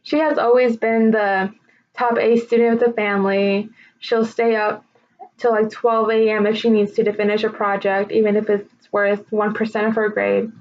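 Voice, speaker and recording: A woman's voice: mid-range voice, little pitch movement, a little mellow. Emotional young woman giving a tribute. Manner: emotional, halting, holding back tears. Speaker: speaker honoring her sister. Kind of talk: recorded personal tribute speech. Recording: slightly dull lo-fi recording.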